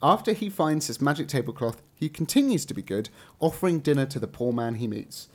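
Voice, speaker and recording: An English man co-hosts a podcast and reads out listener messages in a mid-pitched voice. He stretches out his words for effect and adds playful asides between the messages. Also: sing-song, brisk. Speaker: podcast co-host. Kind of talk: casual chat, reading listener messages aloud.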